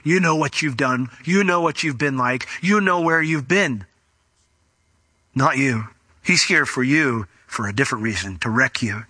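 A man's voice: medium pitch, unhurried, sharp tone, no room sound, clean studio sound. A man voicing a mocking, taunting male demon inside a sermon. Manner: jeering, scornful.

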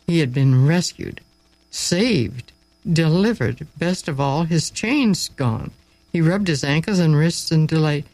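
A man narrating a story aloud, expressive and dramatic, with slow pauses for effect. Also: on the high side, no room sound, low-quality recording.

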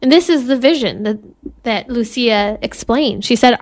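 A woman gives an earnest spiritual talk, speaking at a measured pace. Her voice sits slightly high. She talks as a Catholic mother and lets in an occasional soft laugh.

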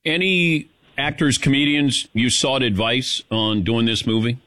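A man hosting a radio interview, asking quick, jokey questions in casual chat. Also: medium pitch, pushed and bright, dry recording. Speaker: radio show host.

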